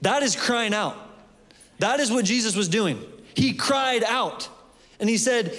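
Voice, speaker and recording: A man with a high voice preaches with passion, talking to the congregation in a casual way and joking between points. The sound rings out with the long reverb of a church hall. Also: lively intonation, a little slow, long pauses, fairly bright tone. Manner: passionate, conversational preaching with jokes. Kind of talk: sermon.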